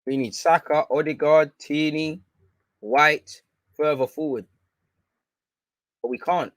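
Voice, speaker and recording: Male watchalong host, edgy bright tone, dry close sound, excitable, barks at players and the ref. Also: a little high, slow, dry recording. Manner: excitable, swears, shouts at players and referee; talks while eating. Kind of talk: live match reaction commentary.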